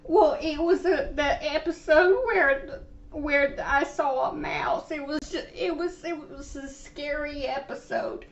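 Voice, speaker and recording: A woman on a prank phone call, telling her story in a slow, halting, stammering way. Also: high voice, steady tone. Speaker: prank caller posing as a frail lady.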